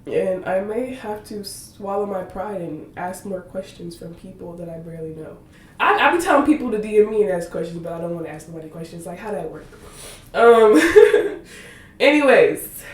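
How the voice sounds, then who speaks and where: With an expressive, medium-pitched voice at a normal pace, a woman in her 20s hosts a casual faith podcast. She rambles and laughs through tangents, close to crying, and sounds slightly off-mic in an echoey room.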